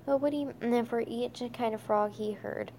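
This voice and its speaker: A woman reading a children's chapter book aloud, stumbling and restarting often, with a slight lift in pitch for characters' lines. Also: mellow, a little hiss or hum. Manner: halting, stumbling reading with many restarts and fillers.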